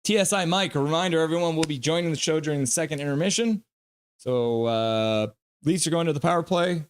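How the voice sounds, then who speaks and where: Brisk and a little high-voiced, the man runs a live stream of casual hockey play-by-play, bantering jokily with his chat between calls. A little hiss or hum is audible.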